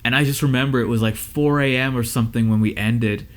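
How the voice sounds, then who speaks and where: Young man, audio engineer, casual advice talk, candid, loose storytelling, middle pitch. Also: steady tone, fast talker. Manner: candid, storytelling with many fillers and restarts.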